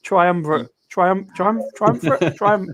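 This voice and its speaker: A middle-aged man chatting casually, easygoing and a bit halting. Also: sits high, crowd noise. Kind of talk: casual chat.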